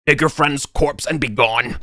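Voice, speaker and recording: A man voicing a mocking talking baboon that speaks slowly and taunts the players. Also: medium pitch, bright, forceful tone, dry recording, studio quality, voice pushed up. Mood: taunting.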